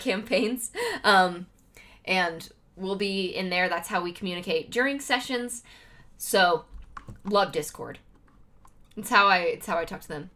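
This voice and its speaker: A woman with a medium-pitched, sharp-toned voice livestreams and chats casually with her viewers. Her talk is full of fillers, and she laughs often between remarks.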